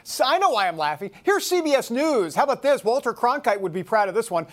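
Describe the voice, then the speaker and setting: A man's voice: very high voice, very animated, fast talker, hardly any pauses. A man hosting a talk show, reading headlines aloud with sarcastic disbelief. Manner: sarcastic, incredulous, mocking headlines. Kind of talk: casual news commentary.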